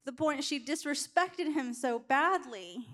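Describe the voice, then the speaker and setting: A middle-aged woman preaching a sermon, telling a candid personal story in an animated way. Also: high voice, a little slow.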